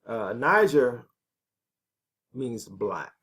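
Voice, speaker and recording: A man's voice: medium pitch, big pitch swings, very slow, fairly bright tone. Emphatic man preaching with rhetorical questions. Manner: emphatic, asks rhetorical questions, punctuates with "right?" and "okay". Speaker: ministry teacher. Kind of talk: preaching commentary on prophecy.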